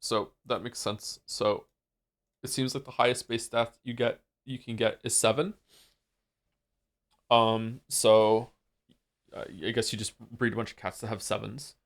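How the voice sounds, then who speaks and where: A man with a somewhat low voice chats with his stream audience. He rambles, stacking fillers and restarts as he thinks aloud into a desk microphone. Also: little pitch movement, measured pace, creaky. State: losing his voice. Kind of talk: casual chat with chat.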